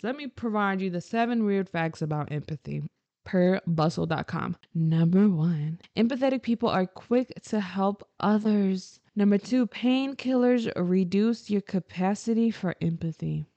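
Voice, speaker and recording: A woman's voice: medium pitch, warm tone, no echo, poor audio. A young woman talking casually to her viewers in a chatty, emphatic way with sassy asides. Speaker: vlogger. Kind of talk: casual talk to camera.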